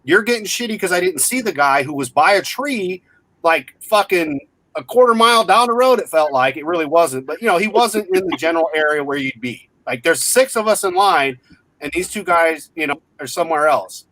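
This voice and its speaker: A man's voice: a little high, brisk. A man in his forties telling a story in casual chat, blunt and full of swearing. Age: 40s. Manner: profane, blunt, animated retelling.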